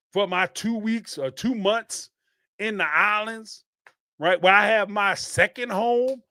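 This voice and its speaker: A man, hosting a podcast and ranting in an animated, emphatic way, with some swearing and repeated phrases. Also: high voice, dry recording, clean studio sound. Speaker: podcast host. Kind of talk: casual commentary rant.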